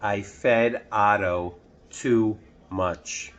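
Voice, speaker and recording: A man voicing a frantic young boy in a storybook, high and pleading. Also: steady tone, very slow, fairly bright tone. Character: young boy, frantic over his fish.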